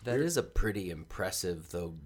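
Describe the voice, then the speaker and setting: Very deep-voiced joking male co-host. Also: very animated. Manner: jokey, quick banter. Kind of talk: casual interview chat.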